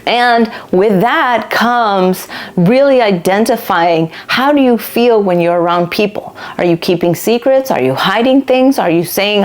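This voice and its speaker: A woman's voice: medium pitch, lively intonation, normal speed. A woman hosting a casual spiritual self-help talk, speaking candidly and chattily, swearing now and then and acting out the people she quotes. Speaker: podcast host.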